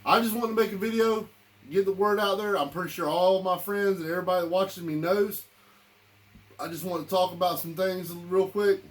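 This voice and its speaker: A man's voice: sits high, fairly even intonation, fairly quick. A man giving an angry, blunt and profane political rant to camera as a vlogger, repeating himself as he goes. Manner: heated, repetitive, blunt and profane.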